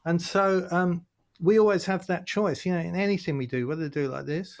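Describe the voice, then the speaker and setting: A man, a guest chatting on a video call, telling lively stories and acting out other people's voices. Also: sits high, brisk, vocal fry. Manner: animated storytelling, acts out voices of others. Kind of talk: casual interview chat.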